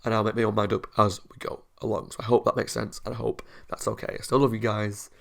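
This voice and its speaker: Young male reaction host, low gravelly voice, earnest and rambling, talks to viewers from home. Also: flat delivery, fast talker, fairly bright tone. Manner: earnest, rambling, laughs often. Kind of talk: casual chat to viewers.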